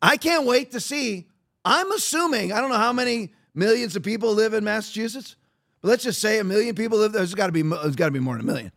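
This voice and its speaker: High-voiced combative man ranting. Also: expressive, quick pace, creaky, fairly bright tone. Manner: combative and mocking; rambling with frequent restarts. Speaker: podcast host. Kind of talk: opinionated podcast monologue.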